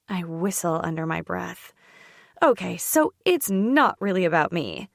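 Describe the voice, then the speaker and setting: A woman narrating a first-person romance audiobook in an intimate, expressive way on a close studio mic. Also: lowish voice, a little slow, gravelly, no echo.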